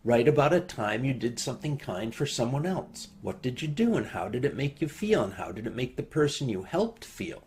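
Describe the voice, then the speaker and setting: A man calmly reading out a list of writing prompts to a congregation at home. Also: mid-range voice, normal speed, hardly any pauses, slight background noise.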